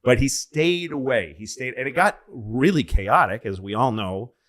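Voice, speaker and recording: A man on a comedy podcast telling a long rambling story in casual chat, profane and loose, breaking into loud excited bits. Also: medium pitch, normal speed. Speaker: podcast co-host.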